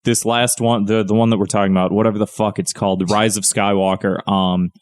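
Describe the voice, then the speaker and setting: A man's voice: lowish voice, flat delivery, quick pace. A young man co-hosting a podcast, rambling and swearing in casual chat with lots of fillers. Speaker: podcast co-host.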